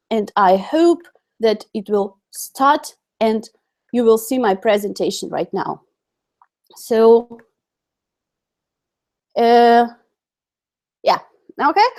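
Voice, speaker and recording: Woman with Russian accent, fairly high voice, live online English teacher, chatty, lots of fillers. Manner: chatty, many fillers and self-corrections. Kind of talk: live-streamed online lesson.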